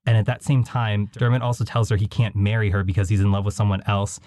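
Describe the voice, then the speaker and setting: A man with a low, mellow voice talks quickly through a casual podcast recap. He tells the story in a chatty, wry way. The sound is dry and close. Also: level tone, no room sound. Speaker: podcast host.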